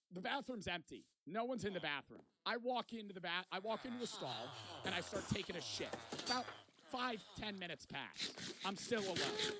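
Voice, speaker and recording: A young man streamer telling a rambling, profane story to his chat in a casual way. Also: sits high. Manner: rambling, profane, animated retelling.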